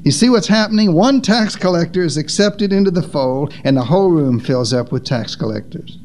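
A man preaching a sermon, with dramatic pauses and sharp drops in pitch for emphasis. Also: animated, a little hiss or hum.

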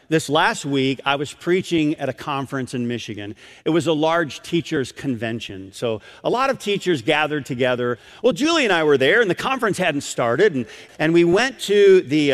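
A middle-aged man preaching a sermon, telling a story and acting out the voices of the people in it. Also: fairly high pitch. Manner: animated storytelling, acts out voices. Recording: long hall reverb.

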